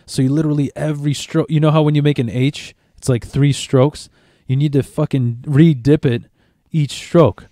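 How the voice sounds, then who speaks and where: A man's voice: a little high, steady tone, moderate pace, few pauses, warm tone, no echo, studio quality. A young man chatting casually as a podcast co-host, rambling with profanity and many restarts. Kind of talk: casual chat.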